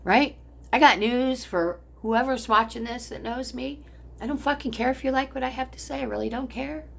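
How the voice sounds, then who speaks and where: A woman's voice: sits high, normal speed, gravelly, a little hiss or hum. An older woman from the United States, venting angrily and profanely to her phone camera at home about her family. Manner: profane, bitter, ranting. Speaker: vlogger. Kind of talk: angry personal vent to camera. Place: at home, looking out on a pond.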